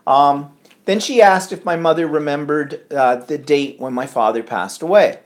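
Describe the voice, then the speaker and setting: Chatty man, fairly high voice. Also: moderate pace. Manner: chatty storytelling, acting out quoted lines. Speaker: podcast co-host. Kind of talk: casual chat.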